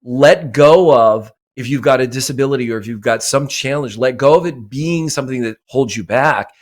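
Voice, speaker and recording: Guy giving motivational talk on a podcast, mid pitch, punchy and repetitive. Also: moderate pace. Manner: emphatic, repeats phrases for effect. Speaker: podcast guest, mindset coach.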